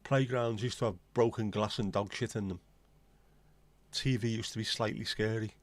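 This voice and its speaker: Blunt and full of opinions, this English livestream host rambles through casual chat, piling on asides. His voice is lowish and steady, his pace normal, with no echo in the recording.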